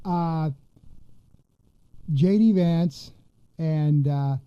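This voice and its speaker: A man hosting a political podcast, rambling and indignant, with lots of fillers and false starts. His voice sits a bit high for a man. The recording is dry and slightly dull, as if from a modest home mic. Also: extremely slow, smooth, dry recording. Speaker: podcast host.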